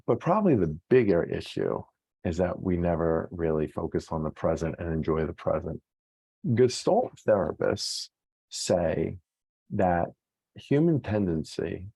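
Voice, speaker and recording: A man's voice: low-pitched, creaky, mellow, husky, dry recording. A male psychologist giving an earnest, encouraging self-help talk on weight loss, often checking in with the listener.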